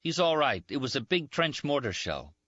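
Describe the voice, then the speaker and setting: A man's voice: medium pitch, big pitch swings, normal speed, a bit bright, breathy edge, no echo, voice pushed up. A man voicing a frightened young Italian ambulance driver who speaks urgently and apologetically, in a muffled dry recording. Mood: anxious.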